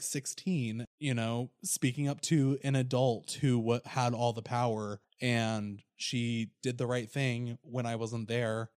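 A man's voice: mid-range voice, a little mellow, no room sound, clean studio sound. Man telling a story, near tears. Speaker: podcast co-host. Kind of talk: casual chat.

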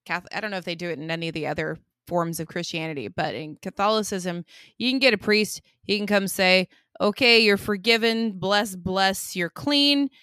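Giggly, expressive woman podcast host. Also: lowish voice, quick pace, no echo, studio quality. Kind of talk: casual chat.

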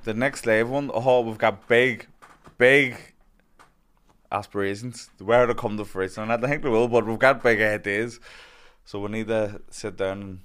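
Male guest, chatty, quick to laugh, salty language. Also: lowish voice, steady tone, fairly bright tone, clean tone. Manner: laughs often, swears freely. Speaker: podcast guest. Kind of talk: casual chat.

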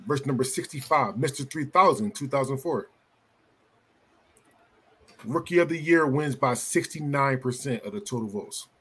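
Male podcast host, husky voice, casual delivery, announces results plainly. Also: mid-range voice, expressive, moderate pace, long pauses, fairly bright tone. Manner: reads out vote results, laughs easily.

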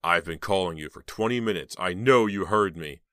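A man reading an audiobook and voicing a harsh, controlling middle-aged uncle, scratchy and high-pitched, scolding angrily. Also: moderate pace, fairly bright tone, no echo, clean studio sound. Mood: angry, scolding. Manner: angry, scolding.

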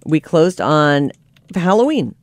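A radio host reading listener emails aloud on air, expressive and quick to laugh. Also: medium pitch, dry recording.

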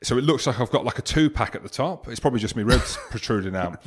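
A man from England chats on a podcast in a loose, self-mocking tone. He jokes his way through the talk in a plain, mid-pitched voice. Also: lively intonation, quick pace, breathy edge. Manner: jokey, self-mocking banter. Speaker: podcast co-host. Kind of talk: casual podcast chat.

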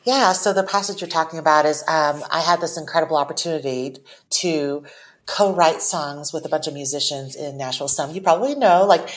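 A woman in her forties from Taiwan, an author guest on a podcast, talking earnestly and reading her own poem aloud in measured phrases. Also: low-pitched. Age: 40s.

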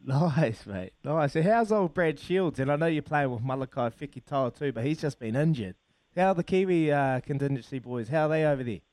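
A man's voice: on the high side, lively intonation, brisk, darkish tone, no room sound. A man interviewing a rugby player, asking long, rambling, chatty questions. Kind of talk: casual interview.

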